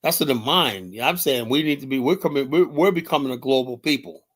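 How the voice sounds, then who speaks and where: Forceful, profane livestream host. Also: male voice, medium pitch, expressive, brisk. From United States. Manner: emphatic, profane, repeats "you know". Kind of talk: heated solo livestream commentary.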